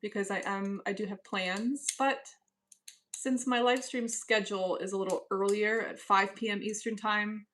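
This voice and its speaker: A woman's voice: medium pitch, steady tone, moderate pace, a bit bright. A woman hosting a live stream from home, reading chat messages aloud and answering in a cool, dismissive casual manner. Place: at home, indoors.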